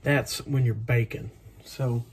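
A man's voice: medium pitch, steady tone, slow pace, noisy background. A man cooking in his home kitchen, chatting in a rambling, self-deprecating way with plenty of asides. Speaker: home cook. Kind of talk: casual cooking vlog chat.

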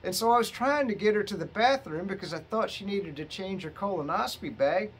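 A man's voice: high-pitched, expressive, brisk, husky. A middle-aged man, a bit tipsy from drinking, telling a rambling, profane story to his viewers. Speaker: vlogger. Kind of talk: rambling casual monologue.

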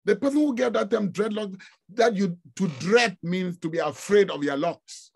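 A man from Africa giving an informal online lecture, animated and exclamatory, often breaking into laughter. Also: high-pitched, moderate pace, creaky. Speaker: guest lecturer.

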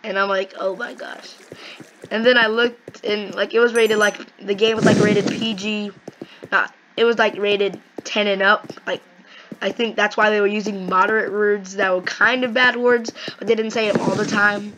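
A woman chatting casually and rambling excitedly while playing a game. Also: medium pitch, normal speed. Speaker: gaming video host. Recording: noisy home mic recording.

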